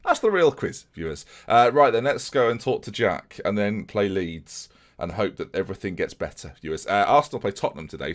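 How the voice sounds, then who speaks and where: A man hosting a video game let's-play, talking viewers through it in a chatty, self-deprecating way. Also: lowish voice. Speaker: gaming YouTuber host. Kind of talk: casual let's-play commentary.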